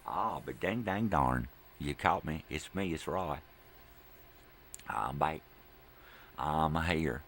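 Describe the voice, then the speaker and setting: A booming, sheepish good-old-boy with a thick Southern drawl, done by a man in a comic bit. The voice sits extremely low and gravelly, with a faint hum of the room behind it. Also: takes it slowly, long pauses, a bit bright, full character voice. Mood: jokey. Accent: put-on Southern US.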